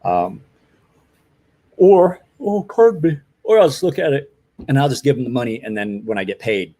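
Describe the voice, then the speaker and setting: A man's voice: mid-range voice, big pitch swings, normal speed, warm tone. A man in his forties hosting a casual live stream, tired and run down, rambling with many fillers and apologies. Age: 40s.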